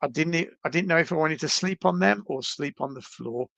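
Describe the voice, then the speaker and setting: A man, a podcast guest, telling travel stories in a casual, animated, self-deprecating way over a video call. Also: on the high side, a little fast, gravelly, no room sound. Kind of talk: casual storytelling.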